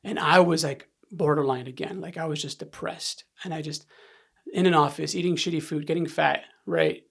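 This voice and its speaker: A man's voice: on the high side, fairly even intonation, gravelly, fairly bright tone, husky. A man in his thirties, a podcast guest, telling a painful personal story candidly and emotionally, repeating words and sniffing as he talks. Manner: candid, halting, repeats words when upset.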